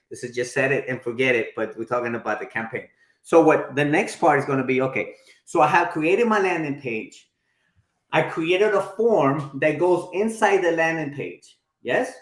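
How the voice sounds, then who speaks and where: A man's voice: mid-range voice, fairly bright tone, echoey room. A man in his forties teaching a live workshop, chatty, often checking in with his listeners. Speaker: marketing instructor.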